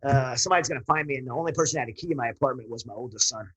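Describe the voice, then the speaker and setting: A man's voice: medium pitch, racing, fairly bright tone, rough recording. A man, a military veteran guest, telling his personal story in an earnest, rambling way with frequent restarts.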